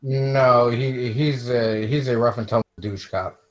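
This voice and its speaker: A man playing a tabletop game, talking in a halting, drawn-out way. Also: medium pitch, fairly even intonation, low-quality recording. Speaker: player. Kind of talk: casual tabletop game play.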